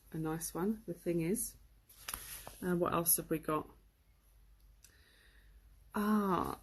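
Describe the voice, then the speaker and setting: A woman's voice: on the low side, husky. A woman giving a casual, chatty lesson, with lots of fillers. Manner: chatty, relaxed, full of fillers. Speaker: English teacher. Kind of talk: casual live-streamed lesson.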